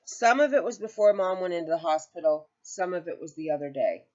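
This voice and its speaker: A woman's voice: fairly low pitch, expressive, fairly quick, a little mellow, highs cut off. A woman hosting a crochet channel, chatting casually from home, rambling and correcting herself, near tears at times. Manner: rambling, self-correcting storyteller. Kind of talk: casual chat to camera.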